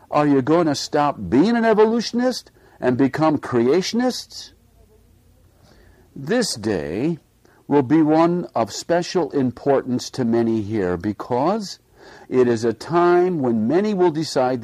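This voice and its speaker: A man's voice: mid-range voice, darkish tone, no echo. A man delivering a sermon in an earnest way, pressing his listeners with pointed rhetorical questions. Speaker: preacher. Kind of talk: read-aloud sermon.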